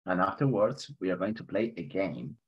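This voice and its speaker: A native Spanish speaker from Spain teaches an online English class with a Spanish accent, switching between English and Spanish, chuckling often, and adding light humor. His low voice is animated and slightly rough at normal speed, in a muffled recording.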